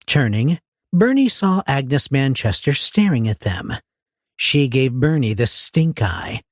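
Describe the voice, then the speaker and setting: Husky, lively male audiobook narrator. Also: mid-range voice, measured pace, no room sound. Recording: dry close recording.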